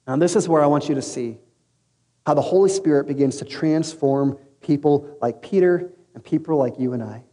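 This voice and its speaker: A man's voice: on the high side, normal speed. A male pastor preaching a sermon in a casual, storytelling way, acting out the characters he quotes. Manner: storytelling, casual slang, lively acted quotes. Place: large room with an audience. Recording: long reverb in a hall.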